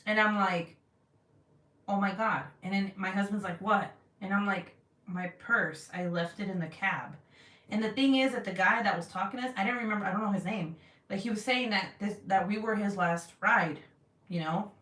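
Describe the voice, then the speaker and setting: A young woman livestreams a story from home in loose, casual talk. She is animated, laughs a lot and swears freely, and her voice sits at an ordinary middle pitch. The mic is set back, so her voice sounds distant with a roomy echo. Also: normal speed. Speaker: vlogger reading live chat.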